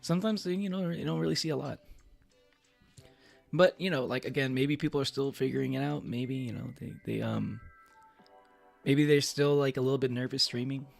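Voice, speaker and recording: A man's voice: medium pitch, moderate pace, gravelly, pauses often, faint music behind. A young man streaming, chatting casually to his viewers in a rambling way, with many fillers and restarts and frequent laughs. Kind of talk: casual livestream chat.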